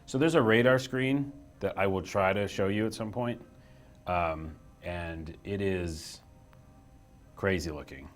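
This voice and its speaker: A young man with a low voice chats his way through a live stream, joking at his own expense and reading viewers' messages aloud. He sits in a small office room at a desk mic. Faint music plays behind him. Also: unhurried. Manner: chatty, self-deprecating, reads chat aloud. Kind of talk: casual live stream chat.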